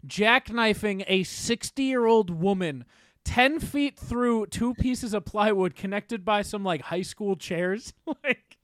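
Give me a young male co-host with a fairly high voice, loose and laughing. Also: takes it slowly, fairly bright tone, no room sound, studio quality. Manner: rambling, laughs often, swears. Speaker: podcast co-host. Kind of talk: casual chat.

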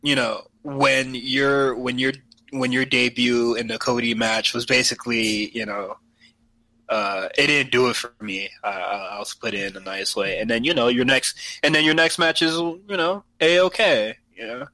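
Bright-voiced man rambling in casual chat. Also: medium pitch, fairly even intonation, normal speed, no echo, low-quality recording. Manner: rambling, frequent fillers and restarts. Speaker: podcast co-host.

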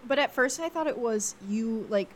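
A woman co-hosting a podcast in casual chat, animated, self-deprecating and quick to laugh. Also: fairly high pitch, slight background noise. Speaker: podcast co-host. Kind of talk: casual movie-recap chat.

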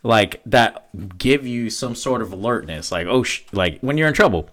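A man's voice: mid-range voice, expressive, fairly bright tone. A man appearing as a podcast guest, rambling playfully in casual chat. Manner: playful, rambling, quick to laugh.

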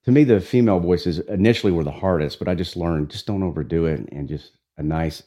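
A man who narrates audiobooks, with a deep, raspy voice, chatting in an easygoing, talkative way. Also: quick pace. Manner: relaxed, talkative, with restarts. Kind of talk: conversational interview.

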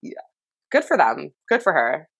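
A woman's voice: sits low, very animated, normal speed, creaky, fairly bright tone, slightly rough, no room sound. A woman co-hosting a casual chat, blunt, swearing a lot and laughing often.

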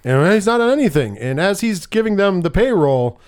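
A man chatting casually about a film, walking through the plot with real enthusiasm. His voice sits a bit high and swings widely in pitch as he acts out lines from the scenes. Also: clean tone. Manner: animated retelling, acting out scenes in quick voices. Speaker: movie podcast co-host. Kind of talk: casual movie recap chat.

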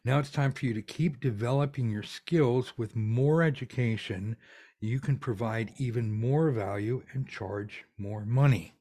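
A man's voice: medium pitch, measured pace, warm tone. A man teaching tarot readers how to earn money, talking in a blunt, ranty, profane way. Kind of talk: ranty casual coaching monologue.

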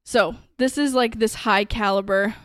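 A woman's voice: mid-range voice, fairly even intonation, unhurried, clear, resonant tone, no echo, studio quality. A woman co-hosting a podcast, casually retelling a true-crime case with lots of fillers and some swearing. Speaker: podcast co-host.

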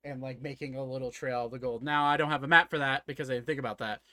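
A young man narrating a tabletop game as game master at home, with halting speech full of fillers. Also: medium pitch, fairly even intonation, sharp tone, dry recording, studio quality. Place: home, at a computer.

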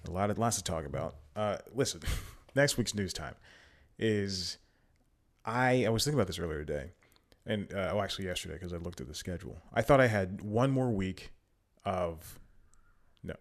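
A man's voice: low voice, animated, moderate pace. A man hosting his own podcast, rambling casually with lots of fillers and self-corrections, a little out of breath. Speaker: podcast host. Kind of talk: casual solo podcast chat.

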